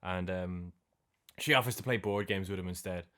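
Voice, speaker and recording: A man with a very low voice talks through a film's plot on a podcast, casually and loosely. He slips into the characters' lines as he retells each scene, and he swears freely along the way. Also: moderate pace, sharp tone. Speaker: film podcast co-host. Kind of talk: casual film recap chat.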